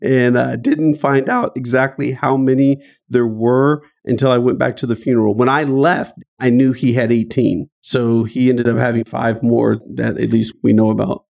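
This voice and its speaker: A man's voice: fairly even intonation, normal speed, gravelly, few pauses, darkish tone. A middle-aged man from Dayton, Ohio, telling an emotional personal story as an interview guest. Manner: earnest, emotional, rising pitch at painful moments. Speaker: guest author.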